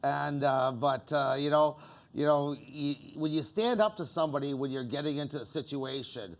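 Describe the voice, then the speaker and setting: A man's voice: fairly high pitch, moderate pace. A man from Canada, a guest on a talk show in a music club, telling rambling, self-mocking anecdotes full of "you know.". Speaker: interview guest. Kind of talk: casual anecdotes.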